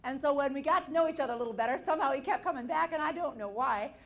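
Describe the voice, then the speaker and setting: Animated woman speaker on stage. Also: high voice, very fast, roomy sound. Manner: animated storytelling, acting out quoted voices; self-deprecating humor. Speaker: motivational seminar speaker. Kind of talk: live seminar talk to an audience. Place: stage before a live audience.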